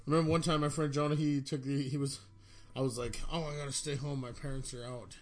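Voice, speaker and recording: A man's voice: medium pitch, little pitch movement, fast. A man from North Dakota co-hosting a podcast, telling a rowdy story in casual chat, swearing and acting out the quotes. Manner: profane storyteller, acts out quotes. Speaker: podcast co-host.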